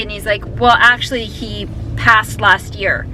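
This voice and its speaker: A young woman vlogging in a casual, chatty way, excitable and full of fillers and restarts as she talks to her camera. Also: mid-range voice, moderate pace, a little hiss or hum, rough recording. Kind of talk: casual vlog chat. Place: car, then store and home. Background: music.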